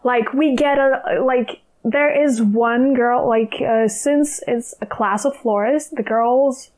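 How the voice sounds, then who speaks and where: A woman's voice: fairly high pitch, slow pace, a little mellow, poor audio. A young woman from Ukraine, a podcast guest chatting casually, with frequent laughs and fillers. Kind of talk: casual chat.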